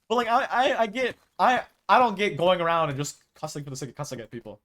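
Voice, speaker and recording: A man's voice: on the high side, animated, fast talker, few pauses, a bit bright. A man chatting casually with his stream viewers as a live streamer, rambling and acting out quoted exchanges.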